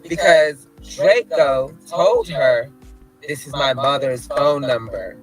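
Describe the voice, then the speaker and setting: A man's voice: medium pitch, takes it slowly, rough recording. A man rants to his phone camera outside a building, flamboyant and theatrical, dripping with mockery. His voice sits in an ordinary middle register. Faint music plays underneath. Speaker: activist filming a street vlog. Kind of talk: casual rant to camera. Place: outdoors in front of a building.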